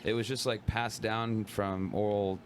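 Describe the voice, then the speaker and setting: A young man with a deep, low voice talks about comedy in a loose, rambling way, full of fillers and "bro". A faint hiss sits behind him. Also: level tone, a little slow. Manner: laid-back, rambling, lots of "like" and "bro". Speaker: guest comedian. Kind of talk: casual podcast chat.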